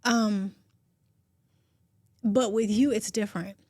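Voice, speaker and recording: A woman in her forties co-hosting a podcast, talking in a heartfelt, open, expressive way. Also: mid-range voice, slow pace, no echo, clean studio sound. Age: 40s. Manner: heartfelt and expressive, talks openly and at length. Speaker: podcast co-host. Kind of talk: casual podcast chat.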